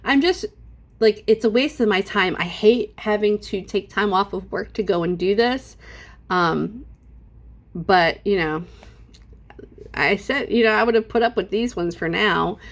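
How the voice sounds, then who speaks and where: A woman's voice: mid-range voice, measured pace. A middle-aged woman talking casually and sassily to her viewers in an unscripted home vlog, acting out what people said with exaggerated voices. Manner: chatty and sassy, acts out quotes with exaggerated voices. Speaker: vlogger.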